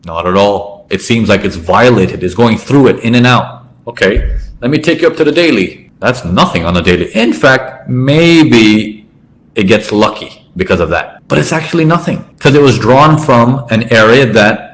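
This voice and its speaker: A man teaching a trading lesson over a chart walkthrough, talking in an animated way and acting out traders' thoughts in quoted asides. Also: medium pitch, normal speed, low-quality recording. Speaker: trading educator.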